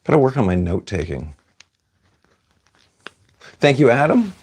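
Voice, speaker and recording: A man hosting a casual livestream, reading viewer comments aloud and answering them as he goes. He rambles, trails off mid-thought and pokes fun at himself. His pitch sits at an ordinary middle height. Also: huge pitch swings, measured pace, a little mellow, a little hiss or hum. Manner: chatty, self-deprecating, wanders off mid-sentence.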